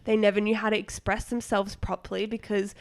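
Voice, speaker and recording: A woman in her twenties co-hosting a podcast, telling stories in a casual, animated way, full of "like" and acted-out quotes. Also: mid-range voice, a little fast. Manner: animated storyteller, lots of "like", acts out quotes. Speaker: podcast co-host. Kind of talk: casual chat.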